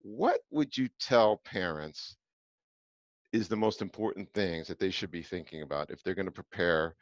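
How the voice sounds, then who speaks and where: A man co-hosting a podcast, telling a story in a casual, animated and emphatic way with frequent restarts. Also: on the low side, no room sound. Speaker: podcast co-host. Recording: dull, dry sound.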